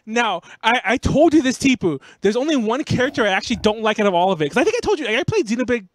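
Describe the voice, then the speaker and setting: High-voiced man in casual podcast chat. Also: sing-song, fast talker. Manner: rambling, laughing, self-defensive. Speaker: podcast host.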